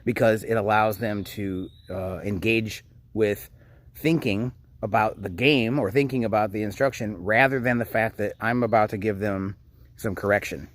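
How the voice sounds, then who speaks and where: A man's voice: fairly low pitch, steady tone, moderate pace. A man in his thirties giving casual parenting advice to camera, frank and conversational, with frequent hesitations. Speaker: parenting coach.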